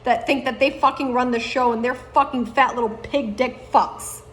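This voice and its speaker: A woman in her thirties delivering an angry, profane monologue to camera, swinging between loud outbursts and low muttering. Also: fairly even intonation, normal speed, a little hiss or hum. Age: 30s.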